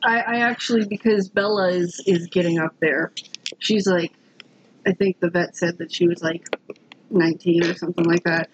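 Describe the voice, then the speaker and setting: A woman co-hosting a casual podcast chat, teasing and quick to laugh. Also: lowish voice, fairly even intonation, lo-fi sound, slight background noise.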